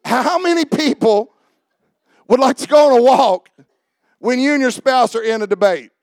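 A pastor preaching a sermon, quizzing the congregation and often shouting. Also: male voice, very high voice, normal speed, dry recording, studio quality.

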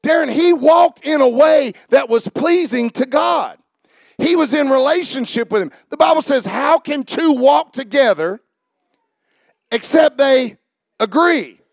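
Man preaching, very high voice, gravelly edge, shouting sermon. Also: animated, measured pace, no room sound, studio quality. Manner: preaching, often shouting, asking the congregation questions. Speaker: pastor.

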